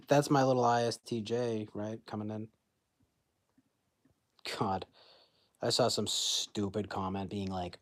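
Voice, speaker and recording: A man's voice: on the low side, measured pace, pauses often. A young man streaming from his phone, rambling through casual chat with lots of fillers and laughing at his own jokes.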